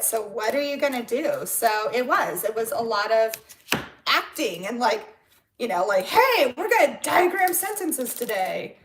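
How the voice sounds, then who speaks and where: A woman hosting a casual live stream from home, chatty and excitable, her voice rising and getting louder when she gets worked up. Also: on the high side, a little hiss or hum. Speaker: livestream host chatting with viewers. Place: at home with barking dogs. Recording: echoey room.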